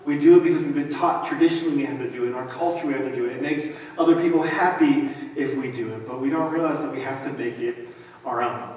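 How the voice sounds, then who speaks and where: A man's voice: mid-range voice, quick pace, darkish tone, recorded from a distance. A pastor in his thirties giving a conversational sermon with joking asides, recorded in a large church auditorium. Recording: echoey hall, mic from afar.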